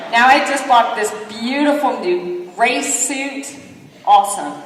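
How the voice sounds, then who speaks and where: Woman, keynote speaker, lively self-deprecating storytelling, roomy reverberant hall, distant mic. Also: on the high side, takes it slowly, slight background noise. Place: large conference hall.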